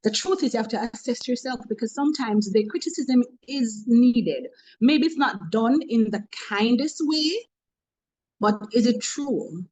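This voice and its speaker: A woman's voice: a little high, lively intonation, a little slow, darkish tone, poor audio. A woman with a Jamaican accent, a motivational speaker in a webinar talk, humorous and preachy, telling stories from work.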